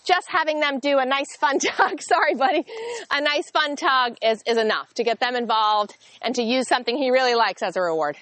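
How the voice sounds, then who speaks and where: A woman's voice: normal speed, no room sound. A woman dog trainer giving a friendly, explanatory training demonstration. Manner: friendly, explanatory, breaks into bursts of high, excited praise.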